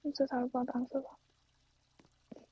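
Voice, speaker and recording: High-pitched chatty girl gaming, lo-fi. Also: normal speed, breathy edge. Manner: chatty, rambling, drops into whispers, sudden excited outbursts. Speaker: gameplay streamer. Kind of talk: casual gameplay commentary. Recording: dull lo-fi dry recording.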